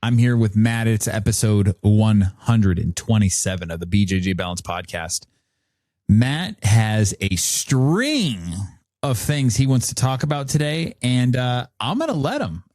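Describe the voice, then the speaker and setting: A man hosting a podcast, opening the episode in a relaxed, easygoing way before handing over to his co-host. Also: mid-range voice, moderate pace, dry recording, studio quality. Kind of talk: casual podcast intro.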